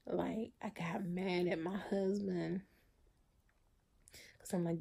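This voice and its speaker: A woman in her thirties speaking in a personal video diary, emotional and halting, often repeating herself. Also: lowish voice, fairly even intonation, creaky, mellow, slightly rough. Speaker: vlogger.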